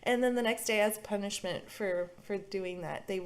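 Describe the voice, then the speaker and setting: A young woman co-hosting a podcast, telling a story in an animated way, laughing and acting out the voices of the people in it. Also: mid-range voice, normal speed. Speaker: podcast co-host. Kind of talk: casual storytelling chat.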